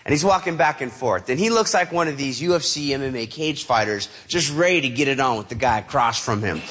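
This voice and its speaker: A man telling a personal story in a lively way, acting out the voices of the people in it. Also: fairly high pitch, a little hiss or hum. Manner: animated, acts out quoted voices. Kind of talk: motivational storytelling.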